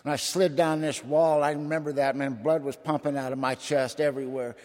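A man's voice: on the high side, little pitch movement, brisk, a little mellow. A man giving a dramatic, folksy recovery testimony to a meeting. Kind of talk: personal testimony storytelling. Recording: long hall reverb.

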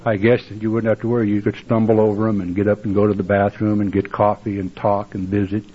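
Older guy, husky voice, blunt wry storytelling at a recovery meeting, dull lo-fi tape. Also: on the low side, flat delivery, quick pace. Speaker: recovering alcoholic telling his story.

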